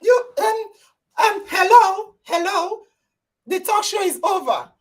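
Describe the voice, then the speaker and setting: A woman hosting a live online talk show over a video call, exclaiming and praising loudly as she quizzes her listeners. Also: extremely high pitch, animated, slow pace. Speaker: podcast host.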